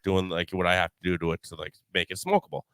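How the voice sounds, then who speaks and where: Podcast co-host, man in his thirties, lively storyteller, smooth clear voice on a dry mic. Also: quick pace, no room sound. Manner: animated storyteller, pitch jumping up when excited. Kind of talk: casual chat.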